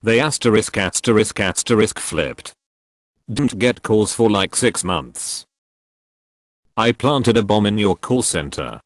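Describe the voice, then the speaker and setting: A low-pitched male voice narrates online posts in an even, matter-of-fact way. It reads symbols and acronyms out literally, with pitch that still moves up and down a lot. The sound is close and dry, with no room around it. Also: slow, no room sound. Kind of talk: scripted narration.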